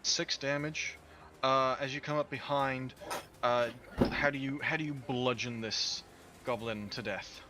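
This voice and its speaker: Bright-voiced game master, casual. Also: male voice, medium pitch, fairly even intonation, unhurried. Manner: casual, explains rules with many fillers. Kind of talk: running a tabletop game.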